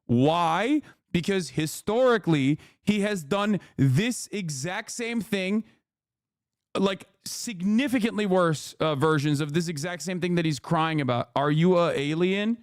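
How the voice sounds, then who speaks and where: A man's voice: sits high, lively intonation, a little slow, no echo, studio quality. A man in his thirties ranting on a live stream, crude, mocking and combative. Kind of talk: profane live-stream rant.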